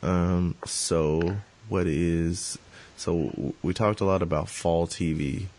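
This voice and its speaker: A man's voice: low voice, fairly even intonation, takes it slowly, darkish tone. A man hosting a podcast in casual chat, rambling and joking with lots of fillers and restarts. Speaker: podcast host.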